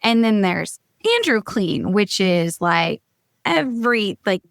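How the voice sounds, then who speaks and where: A woman hosts a podcast chat and thinks out loud. She laughs between remarks. The recording is dry and close. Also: medium pitch, lively intonation, slow, vocal fry, no room sound. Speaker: podcast host.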